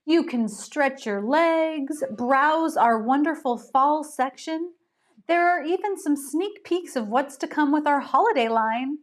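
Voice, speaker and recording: Woman reader as a cheerful hostess-type shop owner, lifted high and upbeat. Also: lively intonation, slow pace. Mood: chipper. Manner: bright, hostess-like announcing.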